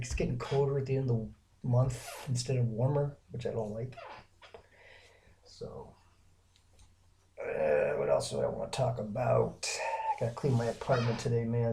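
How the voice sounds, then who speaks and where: Rambling man with a mellow voice. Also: mid-range voice, lively intonation, normal speed, a little hiss or hum. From Alabama, American South. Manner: rambling, many fillers and restarts. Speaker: vlogger. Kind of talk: rambling casual monologue.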